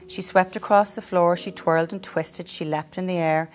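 A woman reading a picture book aloud to a child, in lively, clear storytelling. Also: on the low side, normal speed.

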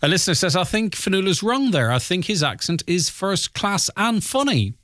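A man's voice: high-pitched, sing-song, normal speed, a bit bright. A man hosting a radio phone-in, steering a conversational panel discussion. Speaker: radio host.

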